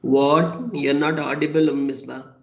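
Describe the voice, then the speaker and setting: Slow, patient teacher, roomy sound. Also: male voice, fairly high pitch, steady tone, creaky, highs cut off. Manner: patient, repeats and spells out words slowly. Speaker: French teacher. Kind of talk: online language class. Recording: roomy echo.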